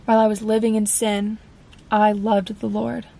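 A woman's voice: medium pitch, little pitch movement, moderate pace, vocal fry, dark tone, low-quality recording. A woman in her twenties, host of a faith podcast, telling her personal testimony in an earnest, confessional way and acting out her past conversations.

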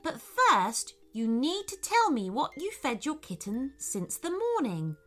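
A woman voicing a kind, caring firefly that speaks softly and reassuringly. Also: sits high, huge pitch swings, unhurried, full character voice. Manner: soft, gentle and reassuring.

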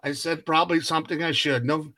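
A man's voice: fairly high pitch, fairly even intonation, fast talker, pushed and bright. A man co-hosting a casual podcast, telling a long story and acting out what everyone said, laughing often. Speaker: podcast co-host.

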